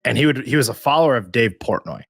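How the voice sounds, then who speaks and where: Husky casual interview host. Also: male voice, medium pitch, animated, fast talker, no room sound, clean studio sound. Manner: chatty storyteller, casual swearing.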